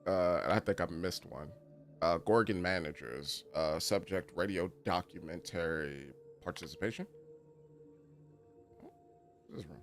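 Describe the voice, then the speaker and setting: A man's voice: low-pitched, unhurried, pauses often, soft background music. A man streaming a game who reads in-game messages aloud and laughs often in casual commentary. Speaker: gaming streamer.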